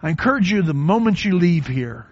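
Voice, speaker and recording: Older preacher, slightly high voice, lo-fi. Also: male voice, big pitch swings, a little fast. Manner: quiet personal storytelling that builds to loud, stretched-out preaching. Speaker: pastor. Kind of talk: sermon. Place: church. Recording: dull lo-fi recording.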